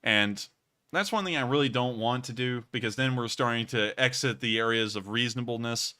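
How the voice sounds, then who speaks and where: Bright, crisp-voiced man hosting a livestream. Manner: deliberately raises pitch for a lively delivery. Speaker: livestream host reading donations. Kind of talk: casual livestream commentary.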